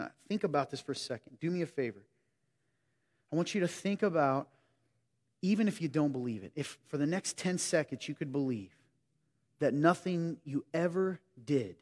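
A man preaching a sermon in a conversational way, swinging between emphatic lines and hushed ones. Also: fairly high pitch. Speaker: pastor. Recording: reverberant hall.

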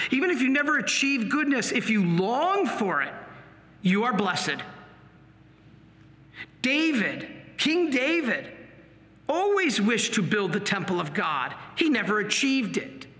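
A man, a priest, preaching a sermon in an earnest, animated way. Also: high voice, measured pace. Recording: long hall reverb.

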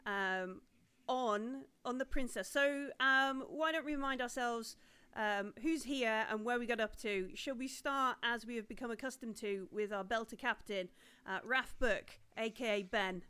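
Smooth-voiced woman game master. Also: a little high, measured pace, bright, forceful tone. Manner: chatty, laughing, lots of ums. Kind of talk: hosting a live tabletop game.

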